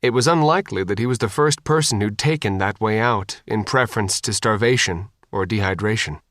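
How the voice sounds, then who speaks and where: A man narrating an audiobook in an expressive, animated reading. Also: fairly low pitch, brisk, dry recording, studio quality.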